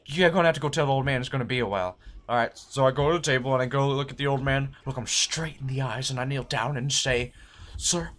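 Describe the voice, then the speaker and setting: A man's voice: medium pitch, a bit bright. A young man who works as a server, telling a work story in a casual, profane way and acting out the quoted voices.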